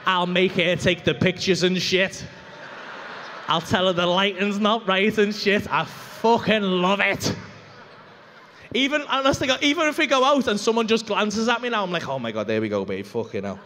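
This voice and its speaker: A young man with a Liverpool accent telling a rambling, swearing, animated story as a stand-up comedian on a club stage. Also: sits high, moderate pace, slight background noise. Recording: reverberant comedy club hall.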